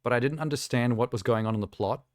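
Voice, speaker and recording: A man's voice: medium pitch, quick pace, no echo, clean studio sound. A young man live streaming, chatting casually and rambling with self-amused asides while reacting to trailers.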